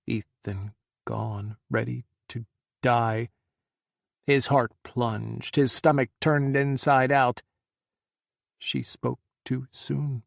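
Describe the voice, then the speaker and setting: A man narrating an audiobook in a measured, dramatic way. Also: mid-range voice, fairly even intonation, gravelly, no echo, clean studio sound. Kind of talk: scripted narration.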